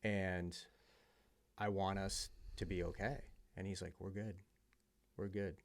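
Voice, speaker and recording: A man's voice: low voice, flat delivery, measured pace. A man telling his personal story as a podcast guest, earnest and heartfelt, with many fillers. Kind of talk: personal testimony in conversation.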